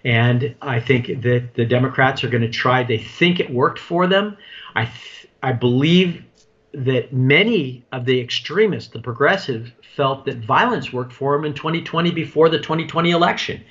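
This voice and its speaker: A man's voice: medium pitch, normal speed, a bit bright. A man co-hosting a political talk show, speaking earnestly and often restarting his sentences. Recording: dull lo-fi recording.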